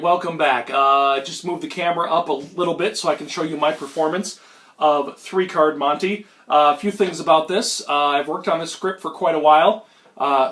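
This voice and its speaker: Speaking from inside his home, a young Minnesotan with a sore throat from a lingering cold rambles through a self-deprecating, funny story about magic. His tone is bright and on the high side, and he fills it with plenty of ums and uhs.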